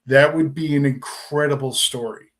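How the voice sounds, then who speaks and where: Measured man making his case. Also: a little high, fairly even intonation, a bit bright. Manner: measured, lays out arguments step by step. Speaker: podcast co-host. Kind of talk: casual sports talk. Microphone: remote call over a livestream.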